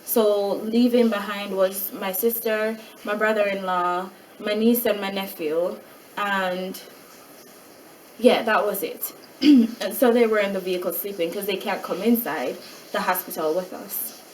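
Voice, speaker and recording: A mother in a casual vlog, retelling a hospital night in an animated way and acting out what other people said. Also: medium pitch, a little slow, far from the mic, a little hiss or hum, low-quality recording. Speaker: mother of a child with a rare syndrome.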